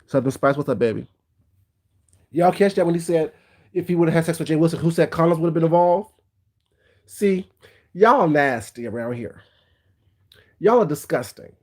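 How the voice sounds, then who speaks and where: A man's voice: fairly high pitch, expressive, moderate pace, long pauses. A man hosting a casual livestream, giving blunt, gossipy commentary and greeting viewers by name. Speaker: livestream host.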